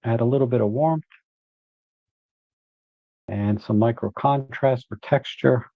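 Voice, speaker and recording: A man's voice: mid-range voice, measured pace, dry recording. Guy talking thru photo edits live, easygoing, mid voice, kinda muffled audio. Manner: relaxed, thinks aloud while working. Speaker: photo editing host. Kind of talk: live editing walkthrough.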